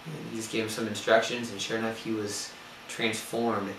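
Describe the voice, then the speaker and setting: A man's voice: lowish voice, steady tone, brisk, a bit bright. A young man giving an earnest sermon-style talk, with frequent ums and restarts. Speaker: speaker giving a spiritual talk. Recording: echoey room, distant mic, faint noise.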